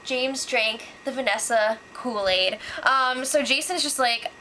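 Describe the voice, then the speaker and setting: A woman's voice: a little high, unhurried, sharp tone, a little hiss or hum, poor audio. A young woman casually recapping reality show gossip, sarcastic and full of "like" and "um". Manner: chatty, sarcastic, lots of "like" and "um".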